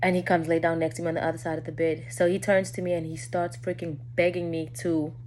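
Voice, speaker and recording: A woman's voice: little pitch movement, fast, a little hiss or hum. Candid woman telling a storytime. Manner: candid, addresses viewers as y'all, often drops low and quiet. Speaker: vlogger telling a personal story. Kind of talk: casual storytime.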